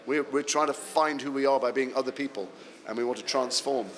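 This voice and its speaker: An English man, an actor answering fan questions at a convention panel, telling animated, self-deprecating stories. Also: medium pitch, fairly quick, a little hiss or hum. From England. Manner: animated anecdotal storytelling, self-deprecating humour.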